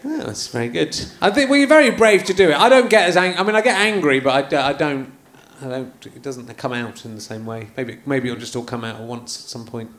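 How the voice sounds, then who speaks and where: Male host, casual chat, mid-pitched, laughs along. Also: lively intonation, fairly quick, few pauses, a bit bright. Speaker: podcast host. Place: theatre stage.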